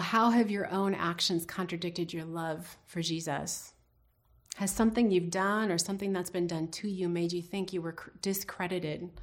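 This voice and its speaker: A woman with a voice on the low side teaches a devotional Bible lesson, earnest and reflective, posing questions to her listeners.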